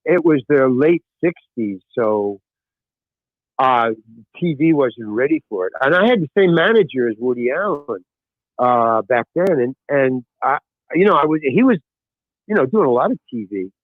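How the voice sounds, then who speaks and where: An older man telling stories as a podcast guest in casual chat, animated and restarting his sentences often. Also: mid-range voice, moderate pace, dry recording. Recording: tinny phone-like dry sound.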